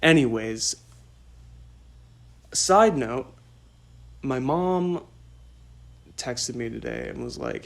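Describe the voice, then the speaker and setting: A man chatting alone on his own podcast in a loose, meandering way. He cuts himself off mid-sentence, wanders into side notes and laughs at his own stories. His voice sits at an ordinary middle pitch. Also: expressive, drawn-out words, gravelly, long pauses. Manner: rambling, self-interrupting, with asides and laughs. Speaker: podcast host. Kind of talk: casual solo podcast chat.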